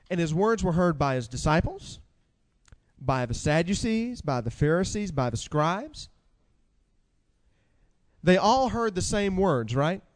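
A man's voice: on the high side, in a large hall. A man preaching a sermon, quoting scripture with emphasis and repeating key words.

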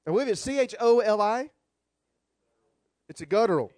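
A man who is a rabbi, preaching a sermon with animated, humorous storytelling. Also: high-pitched, normal speed, dry recording.

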